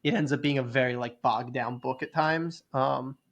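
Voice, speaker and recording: A man's voice: medium pitch, normal speed, highs cut off. A man co-hosting a podcast in casual chat, loose and hedging, with lots of fillers. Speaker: podcast co-host.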